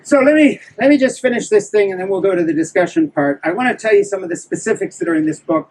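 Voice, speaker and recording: A man's voice: sits high, lively intonation, quick pace, darkish tone, recorded from a distance, slight background noise, poor audio. An older man, an author, giving a candid, self-deprecating live talk to an audience about his book. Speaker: author speaking at a book event.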